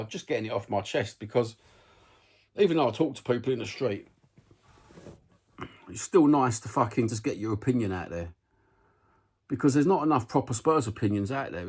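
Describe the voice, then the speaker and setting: A man's voice: mid-range voice, husky. A young man with a London accent, ranting bluntly to camera about football content, swearing freely in a conversational way.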